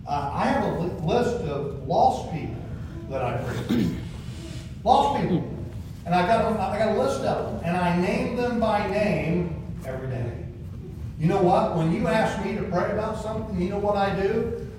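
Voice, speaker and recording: Folksy pastor in echoey church. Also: male voice, high-pitched, noisy background. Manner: folksy, repeats words, asks the congregation questions. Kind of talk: sermon. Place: church sanctuary. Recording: very echoey room, distant from the mic.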